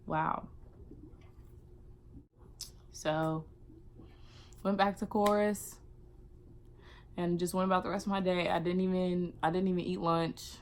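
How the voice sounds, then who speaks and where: A young woman vlogger telling a casual storytime, animated and acting out what people said. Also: fairly low pitch. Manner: animated, acts out quotes.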